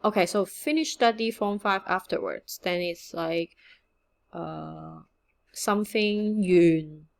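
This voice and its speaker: A woman teaching a casual online language lesson, chatty and relaxed, mixing English and with frequent fillers. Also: lowish voice, takes it slowly, vocal fry. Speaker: Cantonese teacher.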